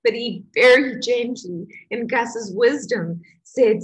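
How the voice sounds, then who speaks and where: A middle-aged woman who teaches a healing course, telling a personal story in an emotional, animated way with laughter. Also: mid-range voice, unhurried, hardly any pauses, slightly rough, low-quality recording.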